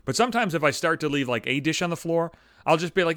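Man, young adult, profane comedic rant, fairly high voice, dry close sound. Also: animated, very fast, pushed and bright, dry recording. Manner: heavy swearing, exasperated ranting. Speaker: comedic monologue host. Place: home room. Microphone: studio microphone.

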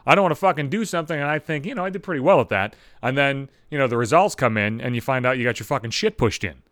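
A man's voice: medium pitch, quick pace, fairly bright tone, no echo, studio quality. A man in his thirties ranting in a profane, self-deprecating comic monologue, exasperated and swearing constantly. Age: 30s.

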